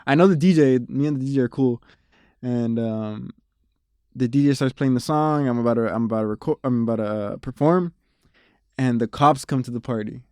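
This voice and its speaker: Laid-back young man, smooth dry voice. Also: mid-range voice, fairly quick, a little mellow, no room sound. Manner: laid-back storyteller, laughs and swears often. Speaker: musician guest. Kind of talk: casual interview chat.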